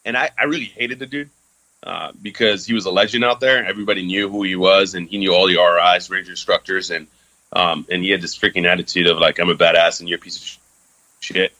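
A man's voice: low-pitched, steady tone, fast, pushed and bright, rough recording. A man from France in his thirties, a guest casually telling a candid story with many fillers and casual swearing.

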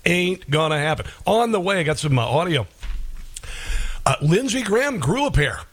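A man's voice: sits high, very animated, normal speed, breathy edge. A man hosting a talk radio show, delivering a combative, sarcastic monologue with frequent chuckles.

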